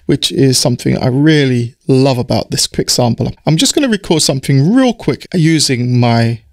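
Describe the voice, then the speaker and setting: Man, croaky voice, relaxed step-by-step software tutor, dry close mic. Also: mid-range voice, moderate pace, dry recording. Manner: explanatory, step-by-step, relaxed with fillers. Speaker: music production tutor. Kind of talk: screen-recorded software tutorial. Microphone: studio mic through audio interface.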